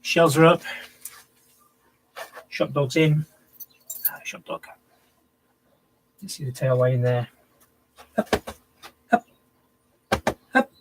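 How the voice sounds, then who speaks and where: A man's voice: mid-range voice, slow pace, long pauses, a little hiss or hum, rough recording. Chatty man talking while he works. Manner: chatty, thinks aloud, talks to viewers between tasks. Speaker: maker live-streaming from his workshop. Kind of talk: casual chat while working. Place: home workshop with a bench.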